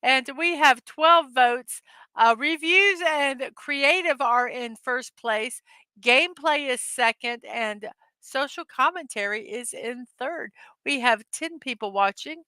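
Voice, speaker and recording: Bright-voiced chatty woman hosting a livestream. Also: sits high, slow pace, clean tone, dry recording. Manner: chatty, giggly, reads viewer comments aloud. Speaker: livestream host. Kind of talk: casual live-stream chat.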